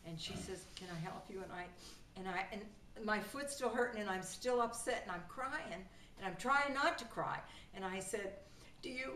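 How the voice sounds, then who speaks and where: A woman casually telling a funny story from her own life, in a lively, animated way. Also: medium pitch, moderate pace, distant mic. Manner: animated, lively retelling with laughter. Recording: roomy sound from off the mic with faint noise.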